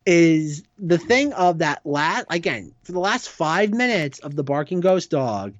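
A man co-hosting a casual chat, rambling in an animated way with lots of fillers. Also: a little high, unhurried, no echo. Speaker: podcast co-host. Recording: dry, dull lo-fi sound.

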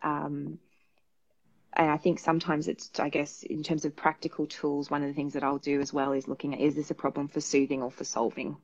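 A woman with an Australian accent, a psychologist giving parenting advice in a relaxed, thoughtful way, with many fillers. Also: low-pitched, fairly quick, muffled recording. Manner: thoughtful, rambling with many fillers, acts out examples. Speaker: perinatal psychologist guest. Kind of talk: casual advice talk. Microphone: video call.

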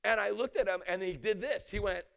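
Casting: high-pitched male preacher, lively storyteller, bursts into shouts. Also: a little fast, gravelly. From United States. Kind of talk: storytelling sermon.

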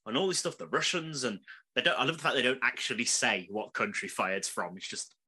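A man chatting casually as a podcast co-host, animated, swearing freely and laughing often. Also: mid-range voice, fairly quick, husky. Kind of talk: casual chat.

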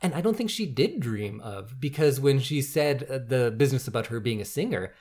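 Man co-hosting a casual film talk, mid pitch, lively and chatty. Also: a little fast. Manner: animated, thinks aloud with fillers.

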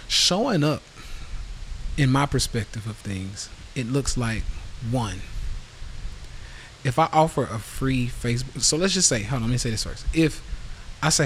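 A man's voice: mid-range voice, expressive, a little slow, pauses often, fairly bright tone, poor audio. Male podcast host, heated profane rant, mid-range voice, faint background noise. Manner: blunt, profane, heated, reads out live comments. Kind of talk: casual rant to a live audience.

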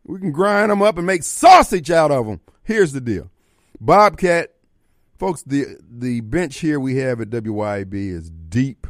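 A man's voice: medium pitch, lively intonation, measured pace, no echo, clean studio sound. A man hosting a talk radio show, brash and provocative, laughing often. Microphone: studio microphone.

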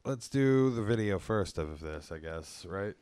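A man's voice: unhurried, clear, resonant tone, no room sound. A man hosting a casual podcast, joking and crude in easy chat. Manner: crude, joking, lively pitch. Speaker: podcast host.

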